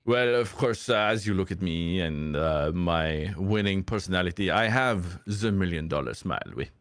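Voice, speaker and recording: A man's voice: low-pitched, animated, moderate pace, a bit bright, no echo, clean studio sound. A man putting on a poor French accent to play a boastful, bawdy male escort applicant in an improvised comedy game. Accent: put-on French accent, deliberately poor. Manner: hammy, bawdy, stumbling with filler sounds.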